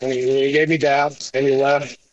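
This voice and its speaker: A man's voice: mid-range voice, little pitch movement, moderate pace, dull audio. Blunt, cursing male coworker. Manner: blunt, profane, exasperated. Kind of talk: casual chat.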